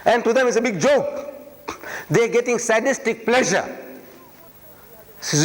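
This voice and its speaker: A man giving an impassioned public lecture, rhetorical and emphatic, swinging between loud peaks and quiet asides. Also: sits high, expressive, normal speed, pauses often. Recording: long reverb of a lecture hall.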